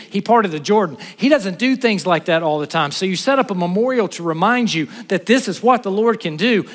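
A man preaches in a church sanctuary, a slightly high voice carried through long reverb. He builds to fervent peaks and then eases into relaxed, conversational remarks. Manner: preaching with rising intensity and conversational asides. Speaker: pastor. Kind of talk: sermon.

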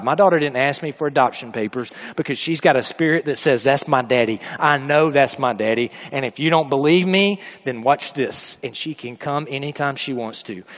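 A man preaching a sermon as pastor, telling family stories and building to loud emphatic peaks. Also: a little high.

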